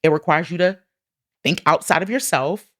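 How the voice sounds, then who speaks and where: A woman's voice: lowish voice, normal speed, fairly bright tone. A woman co-hosting a podcast, speaking passionately and teasing her co-host in casual chat. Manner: passionate, teasing, playful and emphatic.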